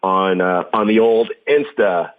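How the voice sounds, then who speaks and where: A man chatting as a guest on an interview podcast, telling stories in an animated, jokey way. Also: low-pitched, a little slow, phone-quality sound. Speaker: guest drummer. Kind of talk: casual interview chat.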